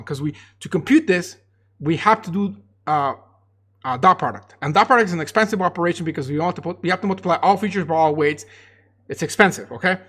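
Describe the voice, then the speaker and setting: A young man teaches in a relaxed livestream lecture, his voice sitting a little high for a man. He explains loosely, repeating words and restarting sentences as he works through ideas.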